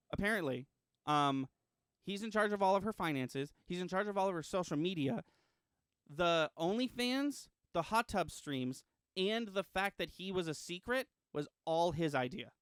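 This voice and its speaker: A man co-hosting a casual podcast, telling a story in an animated way with frequent ums and restarts. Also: high-pitched, measured pace, smooth, no echo, clean studio sound. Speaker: podcast co-host.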